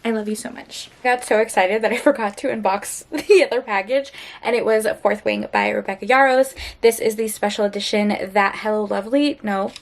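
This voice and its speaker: A woman's voice: medium pitch, gravelly, a little hiss or hum. A woman hosting her book channel in a casual vlog, gushing with enthusiasm and often repeating her phrases. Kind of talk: casual vlog unboxing chat.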